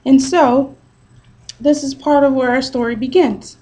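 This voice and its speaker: Woman, high voice, casual Bible storyteller, chatty, lots of fillers. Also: steady tone, a little slow, mellow, rough recording. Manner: chatty, retells with "he's like" and fillers.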